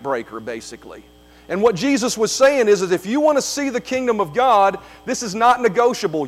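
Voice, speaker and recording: A man preaching a sermon as pastor, emphatic, repeating key phrases, with frequent fillers. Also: high voice.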